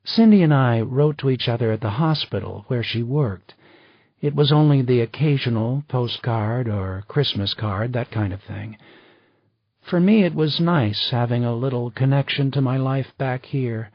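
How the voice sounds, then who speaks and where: A man's voice: medium pitch, moderate pace, no echo, pitched above the performer's own voice, close to an everyday voice. A man voicing a poised, chatty female travel writer in an audiobook reading. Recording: slightly dull dry recording.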